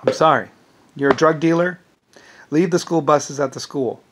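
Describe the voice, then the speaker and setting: A man's voice: on the high side, normal speed, fairly bright tone, slight background noise. A man delivering an angry, rambling vlog monologue, swearing and repeating words as he stumbles. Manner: profane, indignant, repeats words when stumbling. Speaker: vlogger.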